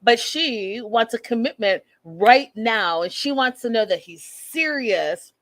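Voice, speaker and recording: A woman in her thirties with a slightly high voice hosts a casual reality-show recap podcast, speaking slowly. She talks directly to listeners as y'all and comes across as animated, blunt, and opinionated.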